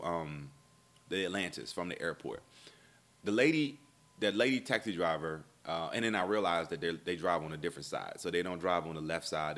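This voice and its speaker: A man, a comedian, telling a long comic travel story and acting out the people in it. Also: sits low. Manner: animated, acts out dialogue in voices. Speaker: stand-up comedian.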